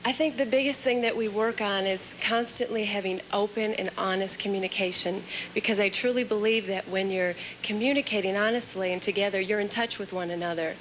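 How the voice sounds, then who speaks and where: A woman's voice: medium pitch, fairly even intonation, brisk, hardly any pauses, slight background noise, rough recording. A woman pageant contestant giving earnest, composed answers in a live stage interview.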